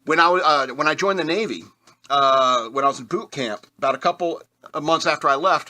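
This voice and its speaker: A man's voice: a little high, bright, forceful tone. A man hosting a radio show, telling rambling personal stories in a casual, self-deprecating way with chuckles. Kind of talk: casual storytelling.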